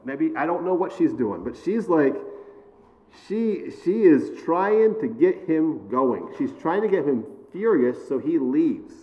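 A man preaching a sermon in a loose, conversational way, often pausing to ask "all right?" and adding self-deprecating jokes. His voice sits a little high for a man. The sound is dull and lo-fi, with a long reverb trailing behind him. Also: big pitch swings, darkish tone. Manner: conversational, frequent "all right?" and "okay?" check-ins.

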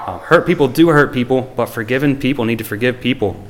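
A man with a mid-range voice and quick pace preaches a sermon, first reading scripture aloud in old-fashioned wording. He then talks plainly and earnestly, with frequent ums and restarts, and closes in prayer.

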